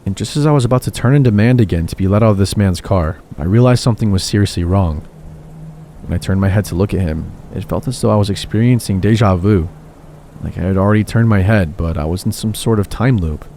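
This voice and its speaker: A man calmly telling horror stories in steady scripted narration. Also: lowish voice, quick pace, slight background noise. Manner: calm, steady storytelling. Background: faint background music.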